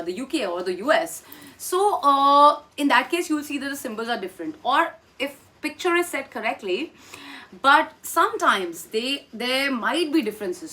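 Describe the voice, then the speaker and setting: A woman's voice: a little high, a bit bright. A woman gives an online pronunciation lesson, explaining patiently step by step and repeating words for practice. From India. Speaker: English pronunciation trainer. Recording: slightly distant mic with faint background noise.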